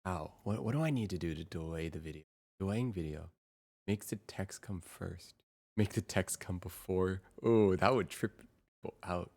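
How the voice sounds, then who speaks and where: A young adult woman livestreaming in casual chat, excitable and quick to repeat herself in bursts. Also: extremely low pitch.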